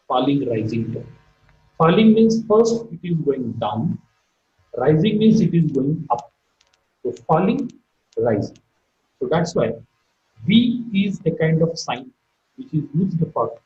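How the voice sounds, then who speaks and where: A man gives a recorded online phonetics lecture, talking deliberately and repeating key terms as he explains each point. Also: fairly high pitch. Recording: echoey room, dull lo-fi sound.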